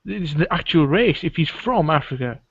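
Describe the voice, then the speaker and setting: A British man chatting casually on a podcast, excitable and jokey. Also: fairly high pitch, normal speed, breathy edge, dry recording. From Britain. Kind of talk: casual chat. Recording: dull lo-fi dry sound.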